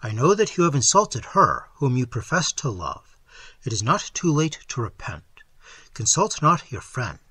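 A man reading an audiobook, voicing a mysterious all-knowing sage who speaks slowly and solemnly. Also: medium pitch, sing-song, pushed and bright, breathy edge, no echo, full character voice. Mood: grave. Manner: slow, solemn, measured.

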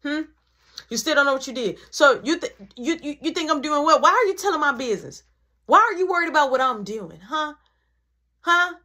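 A woman voicing a strict, angry mother who scolds her son in sharp, commanding bursts. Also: sits high, expressive, a little fast, pitched above the performer's own voice. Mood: scolding.

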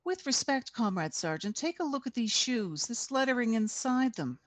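A woman's voice: on the high side, very animated, normal speed, no room sound, voice pushed up. A woman reading aloud voices a timid young male officer who speaks nervously and urgently.

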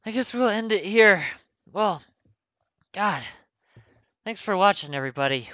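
A man's voice: a little high, animated, normal speed, long pauses, bright, forceful tone, no room sound. A young man playing a horror game, panicking, screaming and swearing, then signing off with jokes. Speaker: gaming YouTuber. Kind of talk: horror game let's play commentary.

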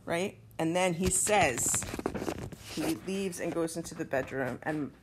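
Low-voiced woman teaching a play. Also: a little slow, noisy background. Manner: explains aloud, reads play lines with feeling, frequent "right?". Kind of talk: literature lesson walkthrough.

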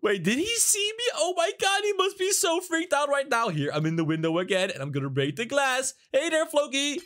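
Man, very high voice, lively pitch, mischievous, gleeful, gameplay narration. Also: fairly quick. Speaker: Minecraft YouTuber narrating a prank.

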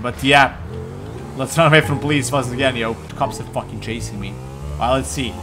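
A young man doing crude, joking commentary over a video game, getting excitable and often yelling. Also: medium pitch, a little fast, creaky, over music. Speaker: gaming commentator.

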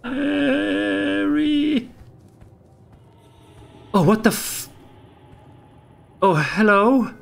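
A man with a Swedish accent, doing joking, excitable let's play commentary with loud outbursts and swearing. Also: fairly high pitch, unhurried, pauses often, slight background noise. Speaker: gaming streamer.

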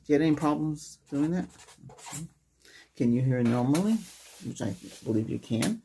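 A man in a whispered role-play as a doctor, talking softly and gently and checking in with short questions, close to the microphone. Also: fairly high pitch, lively intonation, normal speed, creaky, slight background noise.

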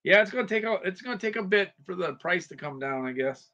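A man's voice: high voice, animated, quick pace, sharp tone, dull audio. A man hosting a casual livestream, rambling, repeating himself and greeting viewers by name. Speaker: livestream shopping host.

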